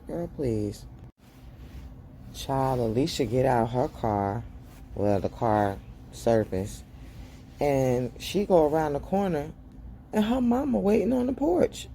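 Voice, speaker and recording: A woman's voice: takes it slowly, pauses often, a little hiss or hum. Chatty woman doing a gossipy recap. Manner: chatty, gossipy, talks straight to viewers as "girl"; animated, acts out the characters' lines in high voices. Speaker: show recap host. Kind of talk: casual TV episode recap.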